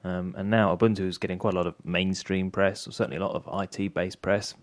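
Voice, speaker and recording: A man's voice: deep voice, steady tone, fast. A British man co-hosting a casual podcast panel, rambling through listener mail and tech talk. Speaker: podcast co-host.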